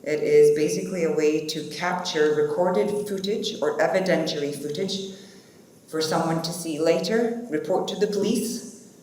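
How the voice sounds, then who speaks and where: A woman's voice: deep voice, moderate pace, a little mellow. A woman moderating a conference panel, chatty and informal. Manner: chatty, informal, uses fillers. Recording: echoey conference hall, faint noise.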